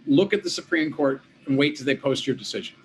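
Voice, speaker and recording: A man of middle pitch speaks as an interview guest, recounting past events with animated energy. He slips into the voices of the people he quotes. A faint noise sits under the recording. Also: fast talker. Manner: animated, acts out quoted dialogue. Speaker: guest, former state senator and law professor. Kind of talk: conversational interview storytelling. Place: home office at a desk.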